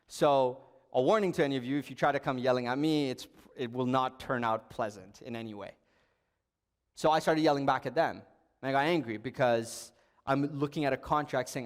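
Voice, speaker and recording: Young male youth pastor, casual storytelling sermon, slightly high voice, long hall reverb. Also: animated, brisk. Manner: storytelling, conversational, with bursts of emphasis.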